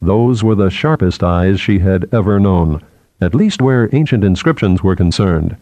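A man narrating a novel in a measured, expressive way. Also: low-pitched, no echo. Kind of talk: scripted audiobook narration.

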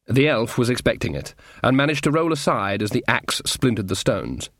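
A man narrating a story in a wry, measured way. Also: mid-range voice, big pitch swings, fairly bright tone, no room sound, clean studio sound. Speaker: audiobook narrator. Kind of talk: scripted narration.

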